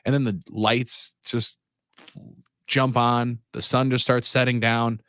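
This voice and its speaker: A man hosting a sports radio show, talking casually in energetic, rambling bursts at a studio mic. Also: mid-range voice, takes it slowly, clean tone, dry recording. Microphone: studio microphone.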